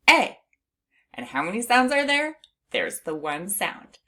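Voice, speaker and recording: A middle-aged woman teaching a phonics lesson to young children, patient and encouraging, stretching words out slowly and laughing lightly between steps. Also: fairly low pitch, creaky, fairly bright tone.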